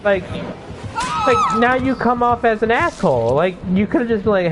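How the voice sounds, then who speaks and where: A man's voice: high voice, sing-song, moderate pace, background noise. A young man chatting casually while playing a video game, rambling with lots of fillers and frequent swearing. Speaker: gaming streamer. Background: music.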